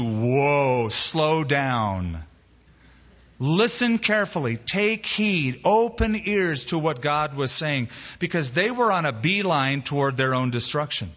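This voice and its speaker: Animated man preaching in a reverberant hall. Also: a little high, measured pace. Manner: animated storytelling, emphatic quotes. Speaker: pastor. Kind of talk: expository sermon with humor. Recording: dull reverberant hall recording.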